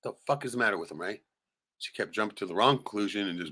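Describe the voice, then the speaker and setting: Low-voiced man ranting, profane and heated. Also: fast talker, bright, forceful tone. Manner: profane, rambling, heated venting; peppers speech with "right?". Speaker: livestream host. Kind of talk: casual livestream rant.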